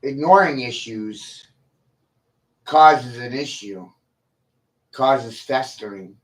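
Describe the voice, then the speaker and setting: A man on a livestream rant who drags out every line at a slow, heavy crawl. He swears freely and sounds combative and full of himself, leaving long pauses between jabs. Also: medium pitch. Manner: profane, combative, boastful.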